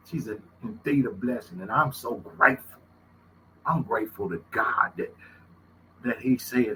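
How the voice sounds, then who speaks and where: A man's voice: mid-range voice, measured pace, bright, forceful tone, a little hiss or hum, poor audio. A middle-aged man with a Southern Louisiana accent tells stories in a casual monologue, folksy and emphatic, and he repeats his phrases. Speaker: host.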